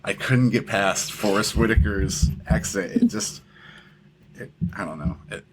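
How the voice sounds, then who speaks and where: Deep-voiced man rambling about films. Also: measured pace, noisy background. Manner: rambling, repeats words, swears casually. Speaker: podcast co-host. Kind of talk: casual film discussion.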